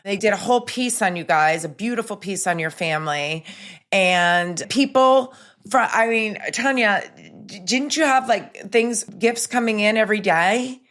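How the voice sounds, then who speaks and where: A woman's voice: mid-range voice, a little slow, fairly bright tone. Chatty woman podcast host, laughing often. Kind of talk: casual chat.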